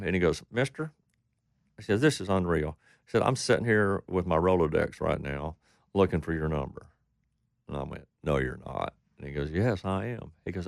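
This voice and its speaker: This man's gravelly, low voice comes through clean, with no echo and studio quality. He's a Texas country singer spinning rambling interview stories and acting out other people's lines.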